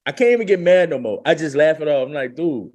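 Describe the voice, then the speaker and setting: Animated New storyteller. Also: male voice, fairly high pitch, fast talker. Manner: animated storytelling, laughing, slangy. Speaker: podcast guest. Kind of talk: casual storytelling.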